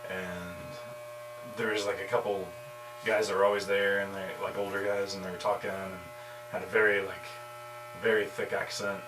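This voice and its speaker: A man getting his hair cut, chatting in a relaxed storytelling way. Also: low-pitched, moderate pace. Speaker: customer getting a haircut. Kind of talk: casual chat. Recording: echoey room, distant mic, electrical hum.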